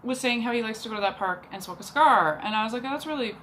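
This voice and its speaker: A young woman talks fast and loose, full of "like" and exasperated asides. Her voice sits a bit high and sounds bright and forward. A faint background hum sits under her. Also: poor audio. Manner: chatty, exasperated, heavy use of "like". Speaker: vlogger. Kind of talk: casual storytelling rant.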